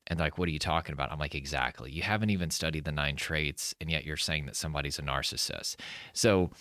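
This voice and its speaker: Very deep-voiced man explaining calmly. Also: fast, no echo, studio quality. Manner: earnest, explains with frequent "right?" and "okay?" check-ins. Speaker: anxiety coach. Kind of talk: direct-to-camera teaching talk.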